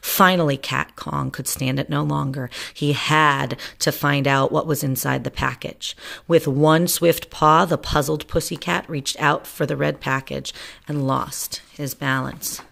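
Storyteller: woman, low pitch, gravelly texture, playful picture-book reading. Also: measured pace. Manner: playful, lively read-aloud.

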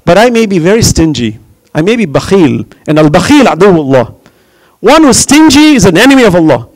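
Man, raised in New York, fairly high-pitched, impassioned religious lecture, rhetorical questions. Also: sing-song, a little fast, low-quality recording. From grew up in New York.

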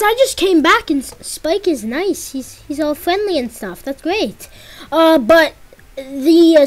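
A woman giving casual let's-play commentary as she plays, excitable and yelping and pleading whenever danger strikes. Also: sits high. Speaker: gameplay commentator.

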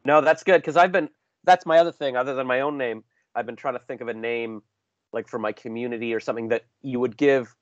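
A man's voice: medium pitch, fast, dry recording. A man hosting a podcast interview, chatty and self-deprecating, rambling with restarts over a remote call. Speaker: podcast host. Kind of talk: casual interview chat. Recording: dull lo-fi call audio.

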